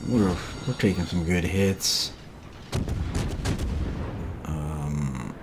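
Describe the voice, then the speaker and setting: A very deep-voiced man talks through a replay of his match in a relaxed, halting way, often pausing on "uh" and "um". He sounds a little tired. A steady hiss of noise sits under his voice. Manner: relaxed, hesitant, many fillers. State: tired, yawning. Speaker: gameplay commentator. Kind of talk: game replay commentary.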